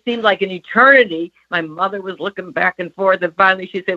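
A woman guest and co-author telling a warm, lively personal story in conversation. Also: medium pitch, fast talker, lo-fi sound. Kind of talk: storytelling in a chat.

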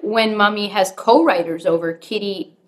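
A woman's voice: medium pitch, moderate pace. A woman who writes songs, chatting on a video call from home, rambling and restarting her sentences as she tells stories. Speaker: guest, songwriter. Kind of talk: casual video call chat. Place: home with a studio.

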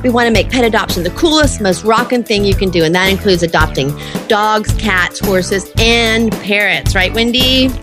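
A woman's voice: mid-range voice, normal speed, over music. A woman hosting a pet podcast interview, bubbly and gushing, with plenty of exclamations. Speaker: podcast host. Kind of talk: casual interview.

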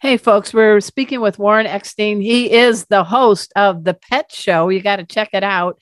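A woman's voice: medium pitch, moderate pace, no room sound. A woman hosting an interview who laughs easily and encourages her guest. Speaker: interview host. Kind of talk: interview chat.

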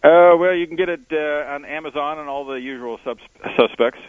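A male explorer and author, a guest on a radio interview, telling adventure stories in a relaxed way with many "uh" fillers, heard over a phone line. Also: fairly high pitch, brisk, clean tone, no room sound. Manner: relaxed storyteller with frequent uh fillers. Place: on location, not in studio. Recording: dry tinny phone line.

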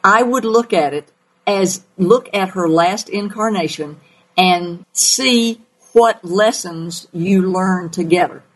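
A woman's voice: lowish voice, takes it slowly, rough recording. A woman with a Southern accent hosting a call-in radio show as a pet psychic, folksy and emphatic.

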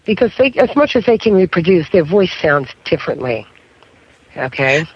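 A man's voice: high-pitched, very animated, moderate pace, slight background noise. A middle-aged man, a paranormal investigator, tells stories as a guest on a radio talk show and keeps checking in with the listener. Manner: storytelling, keeps checking in with "okay?". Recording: muffled radio broadcast.

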